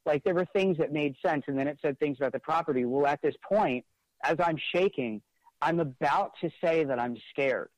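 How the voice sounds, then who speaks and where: This interview guest, his voice on the high side and his speed normal, earnestly recounts something he lived through. He leans on "like" and often starts over. The recording is rough and dry, with no room sound.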